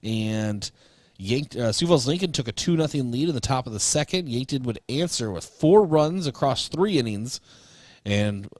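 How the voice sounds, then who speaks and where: A man calling local high school baseball on radio, reading stats and chatting casually with fillers. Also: no room sound. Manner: relaxed, chatty recap with fillers. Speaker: play-by-play announcer. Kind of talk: local radio sports broadcast.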